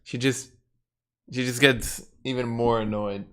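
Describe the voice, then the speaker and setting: A man's voice: mid-range voice, steady tone, unhurried, sharp tone, clean tone. A man streaming a game, chatting playfully and teasing his cat in baby talk. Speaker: gaming streamer. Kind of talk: casual chat to his cat while streaming.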